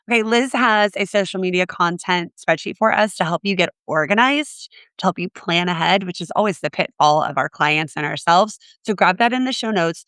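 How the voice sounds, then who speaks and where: A woman hosting a podcast with a raspy voice, chatty and upbeat as she wraps up and promotes her community. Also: fairly low pitch, normal speed, hardly any pauses, fairly bright tone, no echo, clean studio sound. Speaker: podcast host. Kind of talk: casual podcast talk and outro.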